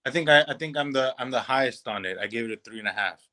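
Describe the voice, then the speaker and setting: A medium-pitched man with a sharp tone races through his words. He co-hosts a podcast and talks loosely about films in casual review chat, with lots of fillers and restarts.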